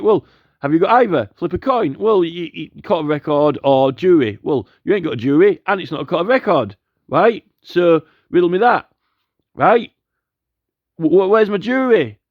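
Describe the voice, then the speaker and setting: A man's voice: fairly high pitch, lively intonation, normal speed, dry recording. A man in a rambling, argumentative monologue, repeating "right?" again and again. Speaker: commentator. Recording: dull lo-fi audio.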